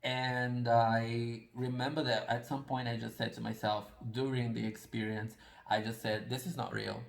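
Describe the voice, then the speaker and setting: A man's voice: mid-range voice, little pitch movement, a little slow, reverberant, low-quality recording. A man giving a casual pick-a-card tarot reading, talking in a rambling, confessional and self-deprecating way.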